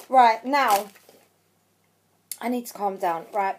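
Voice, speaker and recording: A woman chatting through an unboxing on her craft channel, emotional, gushing with thanks and shaky with excitement. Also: mid-range voice, slow pace, long pauses. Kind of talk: unboxing vlog chat.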